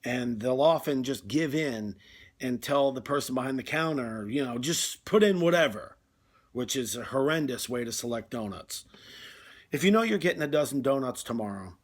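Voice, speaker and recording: A man's voice: mid-range voice, expressive, normal speed. A man delivering a rambling, conversational comic monologue, full of fillers. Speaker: comedy video host.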